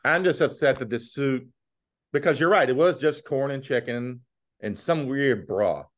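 A male podcast co-host talking in a casual, ranting way, blunt and sarcastic. His voice sits at an ordinary middle pitch, and he swears freely while he complains. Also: normal speed. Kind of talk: casual food-review chat.

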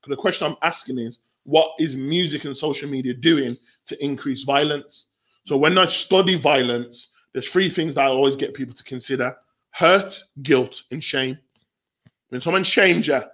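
A man, speaking as a researcher guest in an animated conversation, full of slang and acting out the voices of people he quotes. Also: mid-range voice, moderate pace. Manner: slangy, acts out quoted voices, bursts into laughter. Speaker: youth violence researcher and guest.

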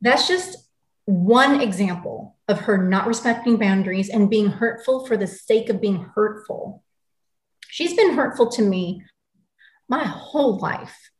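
An interview guest in her forties from the US speaks unhurriedly in a medium-pitched voice with lively intonation. Her story comes out angry, intense and blunt, recorded with a roomy echo.

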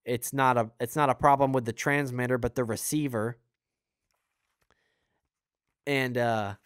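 Smooth-voiced man preaching casually. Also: medium pitch, measured pace, long pauses, no room sound, studio quality. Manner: earnest, conversational, rambling with fillers. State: has the hiccups. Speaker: podcast host and preacher. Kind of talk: casual spontaneous Christian teaching.

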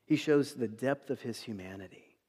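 A man preaching a sermon. He talks in an animated way, swinging between loud emphasis and hushed tones. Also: medium pitch, normal speed, husky, in a large hall. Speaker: pastor.

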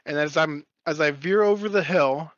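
Young man, slightly high voice, rambling, swears a lot, casual chat, dry dull lo-fi sound. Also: moderate pace, fairly bright tone, no room sound. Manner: rambling storytelling with frequent swearing. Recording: dull lo-fi recording.

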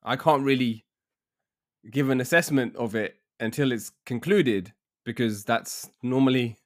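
A young man, casually telling a dating story on a podcast, animated and laughing often. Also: mid-range voice, measured pace. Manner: animated, laughing often, says "bruv" a lot. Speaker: podcast co-host.

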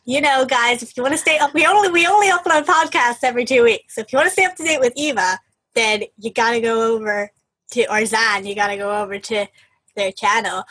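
A woman's voice: on the high side, brisk, fairly bright tone, slightly rough. A young woman in her twenties, co-hosting a podcast in chatty, casual talk and laughing often. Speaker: podcast co-host. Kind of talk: casual chat.

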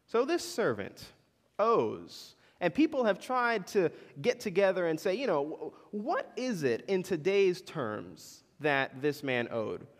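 Male pastor, fairly high voice with a swinging pitch, chatty sermon in a big reverberant hall. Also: sing-song, slow pace. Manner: conversational preaching with questions to the congregation. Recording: long reverb in a large hall.

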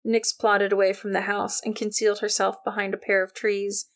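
Woman reading an audiobook, wry storyteller, gravelly fry in her voice. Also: medium pitch, level tone, moderate pace. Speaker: narrator. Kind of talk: audiobook narration.

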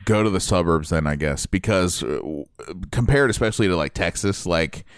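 A young man from Ohio chatting casually as a podcast co-host, animated and talkative. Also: deep voice, a little fast, smooth, no echo, clean studio sound. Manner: animated, chatty, says dude and man a lot. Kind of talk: casual chat.

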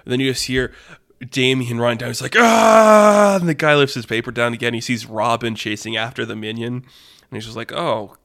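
A man hosting a podcast, telling a story in a casual, animated, rambling way with lots of fillers. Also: medium pitch, fast talker, no echo, studio quality. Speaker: podcast host.

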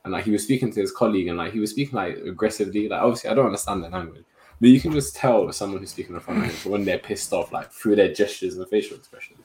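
A young man, telling a story in a casual podcast chat among friends, full of slang and lively retelling. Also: lowish voice, rapid-fire, a little hiss or hum. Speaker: podcast co-host.

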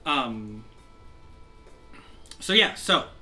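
Bright-voiced male game master, sore throat. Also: medium pitch, big pitch swings, extremely slow, faint music behind. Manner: rambling, many fillers and restarts. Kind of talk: narrating a tabletop game.

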